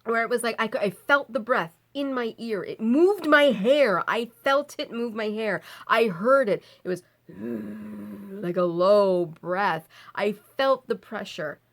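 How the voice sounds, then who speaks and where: A woman's voice: on the high side, measured pace, few pauses. Woman telling a spooky personal story. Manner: animated, laughs often, swears when recounting fear. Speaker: vlogger. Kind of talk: casual storytelling.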